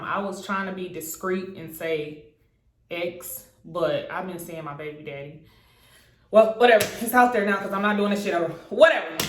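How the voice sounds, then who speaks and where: A young woman telling a casual storytime, animated, swearing freely and acting out what people said with big jumps in pitch. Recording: echoey room.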